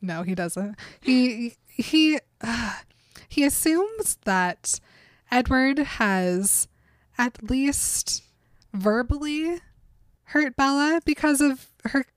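A woman's voice: high-pitched, animated, drawn-out words, no room sound, clean studio sound. A woman co-hosting a casual podcast, recapping a novel and reading its dialogue aloud in mocking voices. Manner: reads quotes aloud in mocking character voices, laughs often. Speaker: podcast co-host.

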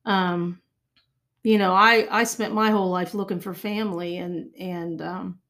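A woman's voice: lowish voice, fairly even intonation, unhurried, a bit bright. Chatty older woman guest. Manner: chatty, repeats words while thinking. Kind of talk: interview conversation.

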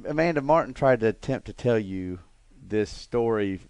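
Middle-aged co-host, animated storyteller, dry close mic. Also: male voice, lowish voice, normal speed, clean tone, no room sound. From Alabama. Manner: animated storyteller, laughs often. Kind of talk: casual chat.

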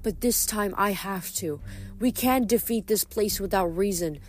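A woman's voice: medium pitch, measured pace, a little mellow, faint music behind, close to an everyday voice. A brave teenage girl who speaks firmly and soothingly, urging a friend on, as a woman reading aloud voices her. The delivery stays close to the reader's own voice. It is a storybook heroine in a tense moment. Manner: firm, soothing, urgent. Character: brave teenage girl, calm and reassuring leader.

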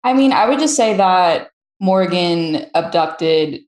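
A woman comedian guesting on a casual chat show, playful and quick with quips. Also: on the low side, expressive, a little mellow. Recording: roomy echo.

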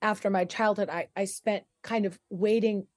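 A woman's voice: medium pitch, steady tone, normal speed, darkish tone, no echo, studio quality. A woman co-hosting a podcast, talking in a rambling, candid way and acting out the voices in her head. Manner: rambling, acts out her inner voice. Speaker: podcast co-host. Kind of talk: casual conversation.

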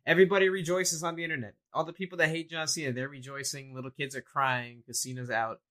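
A young adult man co-hosting a casual chat, an animated storyteller who acts out what people said. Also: on the high side, fast. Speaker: co-host.

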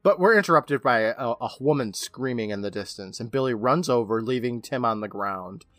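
Animated man recapping with acted lines. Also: mid-range voice, brisk, no room sound, studio quality. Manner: animated retelling, acting out lines in character. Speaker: podcast host. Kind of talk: casual recap of a horror episode.

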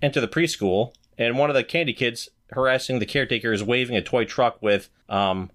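A man's voice: medium pitch, brisk, fairly bright tone. A man co-hosting a podcast in casual, playful chat with frequent restarts. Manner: chatty, playful, with self-correcting restarts. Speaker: podcast co-host.

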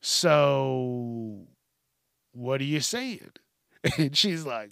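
Podcast host, male, ranting hard and swearing a lot; gravelly, slightly high voice, dry close sound. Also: lively intonation, extremely slow, long pauses, sharp tone, dry recording. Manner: heated, sweary, sarcastic. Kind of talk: profane comedic rant.

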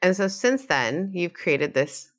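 A woman's voice: fairly low pitch, big pitch swings, slow pace. A woman hosting a podcast in casual chat, chatty and giggly, full of fillers and quoted asides. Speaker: podcast host.

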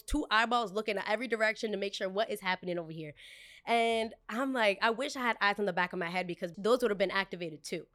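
Brief: young woman storytime host, gossipy and animated. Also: medium pitch. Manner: gossipy, animated, quick asides. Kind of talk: storytime vlog.

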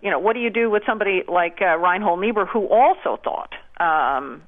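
A woman's voice: medium pitch, expressive, brisk. A woman guest calling into an interview, speaking thoughtfully with many hesitations. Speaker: guest on phone line. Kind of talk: radio interview discussion. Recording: tinny phone line.

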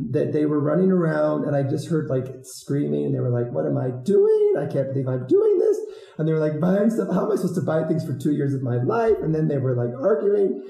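A man who served as a volunteer teacher, telling stories in a relaxed, rambling way with many fillers and restarts. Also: fairly high pitch, gravelly. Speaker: former Peace Corps volunteer teacher. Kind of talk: casual storytelling interview. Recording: roomy echo.

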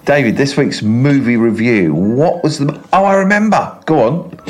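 A man co-hosting a comedy podcast, teasing his partner with quick, prodding questions. His pitch moves a lot, and faint music plays behind him. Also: animated, a little mellow. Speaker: podcast co-host. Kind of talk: casual comedy chat.

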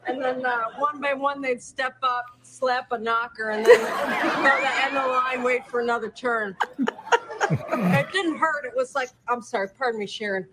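An actress playing a crude, unbothered woman describing an alien abduction in a flat, folksy way. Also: high voice, moderate pace, over a noisy crowd, very noisy, lightly acted. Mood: deadpan, blunt. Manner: deadpan storytelling with folksy slang. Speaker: alien abductee being questioned. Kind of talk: sketch comedy acting.

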